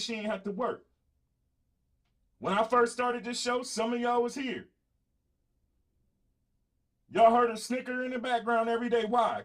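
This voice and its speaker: A middle-aged man with a Southern US accent, hosting his own show in a blunt, boastful, profane monologue aimed at his audience. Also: high-pitched. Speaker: podcast host. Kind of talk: blunt casual monologue to viewers.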